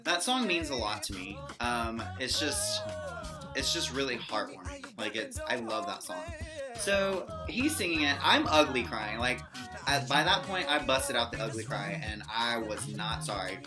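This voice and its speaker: A young woman excitedly telling a fan story in a casual vlog, gushing and giggly. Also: rumbling low, moderate pace. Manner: gushing fangirl, giggly, animated quoting. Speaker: vlogger. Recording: music playing behind.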